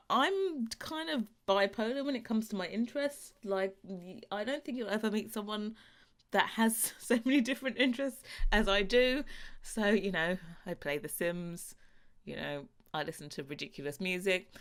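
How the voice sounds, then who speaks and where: A young woman with a London English accent chats away over her gameplay, rambling from one thought to the next and laughing often. Her voice is smooth and clear, and sits at an ordinary middle pitch. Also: lively intonation, a little slow, a bit bright. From London, England. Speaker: gaming YouTuber. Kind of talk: casual chat over gameplay.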